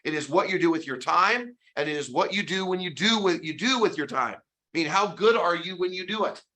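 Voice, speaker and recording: A man's voice: sits high, a little fast. A man giving an emphatic motivational sales training talk, acting out quoted conversations with clients as he goes. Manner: energetic, emphatic, acts out quoted dialogues. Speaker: real estate sales trainer. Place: training session.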